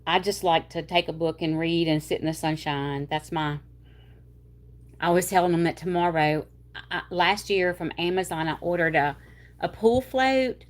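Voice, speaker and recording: A woman from Louisiana with a North Louisiana Southern accent, hosting a livestream and chatting casually with viewers in a rambling way. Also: fairly low pitch. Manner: chatty, rambling, with y'all and drawn-out words. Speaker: livestream host. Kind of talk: casual chat reading viewer comments.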